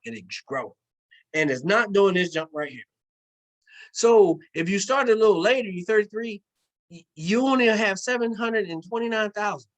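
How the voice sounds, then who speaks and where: A man with a notably high voice delivers a loose, animated sales talk. He repeats his key phrases and drifts into slang. He sounds middle-aged, walking viewers through figures on a screen. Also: rough recording. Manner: animated, repetitive, slangy storytelling. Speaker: presenter of an investment program. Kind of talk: casual sales pitch with screen walkthrough.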